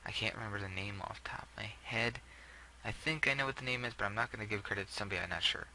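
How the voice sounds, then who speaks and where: A man's voice: lowish voice, rapid-fire, creaky, pushed and bright, a little hiss or hum, rough recording. A young man casually talking through a game build, rambling with many fillers and self-corrections. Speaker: gameplay video creator.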